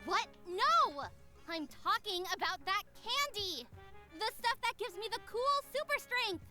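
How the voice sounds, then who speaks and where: A woman voicing a gloomy, hot-headed young magical girl who whines and yells during a dramatic visual novel reading. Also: very high-pitched, animated, moderate pace, music in the background, pitched above the performer's own voice. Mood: frantic. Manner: whiny, self-pitying, bursts of yelling.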